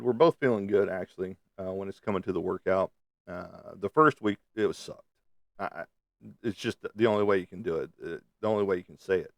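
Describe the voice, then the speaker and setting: This is casual live stream chatter from a middle-aged man at home: low-leaning voice, blunt and profane, wandering across topics. Though captured on a webcam, it has studio quality and no echo.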